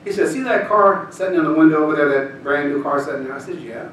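High-voiced preacher in an echoey church. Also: male voice, fast talker, slight background noise. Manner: folksy storytelling, rising to shouted scripture reading. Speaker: pastor. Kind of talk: sermon with storytelling. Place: church sanctuary. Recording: echoey church hall, distant mic. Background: congregation responses, room ambience.

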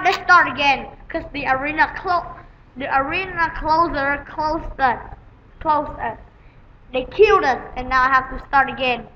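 A woman giving rambling, excitable gameplay commentary on a dull lo-fi home recording, with sudden loud outbursts. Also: sits high, slight background noise. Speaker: gaming channel host.

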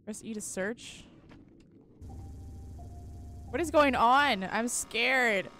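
A woman's voice: a little high, drawn-out words, sharp tone, slight background noise. A young woman commenting on a horror game as she plays, easily spooked, shrieking, swearing and laughing nervously. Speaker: gaming video host.

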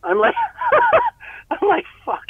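Man, interview guest, casual storytelling, profane, animated, tinny phone-like sound. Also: very high voice, takes it slowly, creaky. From Montreal. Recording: tinny phone-like line, very dry.

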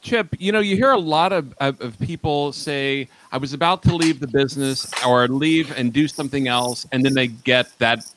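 A man's voice: mid-range voice, normal speed, hardly any pauses, a bit bright, slight background noise, rough recording. A male host on a video call, asking eager, probing questions. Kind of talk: interview questions.

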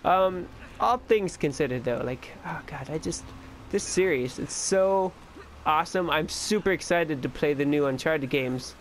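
A chatty, excitable man giving casual let's-play commentary, with a voice pitched a little higher than most men's. He jokes and scolds the enemies on screen as he plays. A faint hiss of noise sits under his voice. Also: measured pace. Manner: excitable and chatty, talks back to the game. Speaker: gaming channel host.

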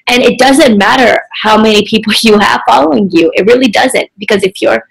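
A young adult woman talking as a guest in a casual podcast interview, chatty and animated, with many filler likes. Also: fairly high pitch, a little fast, creaky, husky, low-quality recording. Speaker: podcast guest, social media entrepreneur.

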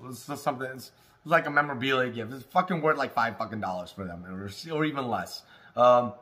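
A man from Alaska ranting casually on his cannabis vlog, swearing constantly and shouting when he gets heated. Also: mid-range voice, a little fast. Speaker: cannabis vlogger. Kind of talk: casual profane rant. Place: home, indoors.

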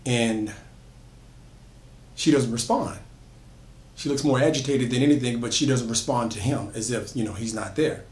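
A man's voice: medium pitch, darkish tone. A man retelling a horror story in a loose, conversational way, with frequent fillers and restarts. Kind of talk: casual spoken horror storytelling. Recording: echoey room.

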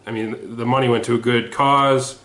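A man casually chatting about his collection on a home video, rambling with lots of ums and restarts, sweaty and a bit hoarse in the throat. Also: mid-range voice, fairly even intonation, moderate pace, a bit bright. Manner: rambling and self-deprecating, with frequent ums and restarts. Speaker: sports autograph collector showing his mail returns. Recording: echoey room with faint noise.

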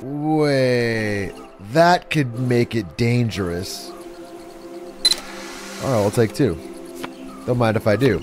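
A man streaming a puzzle game live, giving excitable, sarcastic commentary with frequent swearing and laughter. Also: mid-range voice, takes it slowly, long pauses. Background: game music.

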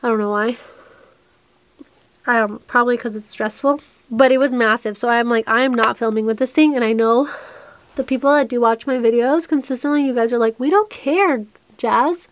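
A woman's voice: fairly high pitch, moderate pace. Breathless young woman chatting on camera. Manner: rambling, breathless, restarts often. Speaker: vlogger. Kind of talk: chatty get-ready-with-me vlog. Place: small cluttered room indoors.

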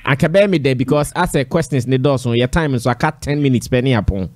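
A man's voice: medium pitch, fairly quick, dry recording. Man hosting a panel talk. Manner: code-switching between Twi and English, managing time. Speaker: show host. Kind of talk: moderating a panel debate.

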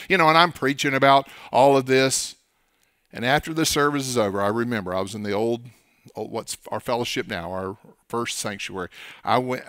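Emphatic middle-aged Oklahoma pastor preaching. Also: male voice, mid-range voice, clear, resonant tone, dry recording, studio quality. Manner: emphatic preaching with sudden loud rises. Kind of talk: sermon.

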